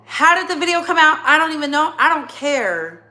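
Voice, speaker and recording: Fiery, bright-voiced woman commentator. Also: high voice, sing-song, fairly quick. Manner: blunt, emphatic, repeats phrases for effect. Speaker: commentary channel host. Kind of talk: heated commentary monologue.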